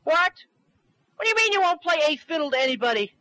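A man acting in a comedy skit, excitable and quick-tempered, with a whiny edge. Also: very high-pitched, no echo, rough recording. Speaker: comedy phone-tape performer.

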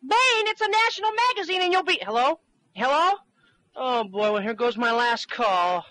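A man acting in a comedy skit, excitable and quick-tempered, with a whiny edge. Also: very high voice, no echo, rough recording. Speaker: comedy phone-tape performer.

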